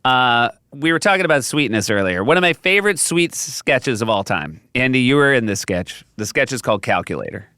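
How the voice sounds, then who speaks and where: A man's voice: medium pitch, sing-song, fairly quick, few pauses, pushed and bright, no room sound, studio quality. A man hosting a podcast, casually telling stories about old comedy sketches and acting out the quoted lines with laughs. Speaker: podcast host. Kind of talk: casual storytelling chat. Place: podcast studio.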